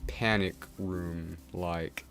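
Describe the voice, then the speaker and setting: Young man, lowish voice, casual rambling stream chat, lots of fillers, game music clearly behind. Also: steady tone, extremely slow. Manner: rambling, full of "like" and "you know" fillers, frequent restarts.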